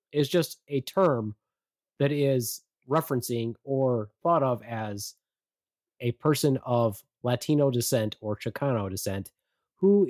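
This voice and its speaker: A man's voice: medium pitch, a little mellow, no echo, studio quality. A man co-hosting a casual podcast chat, blunt and teasing in how he talks. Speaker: podcast co-host.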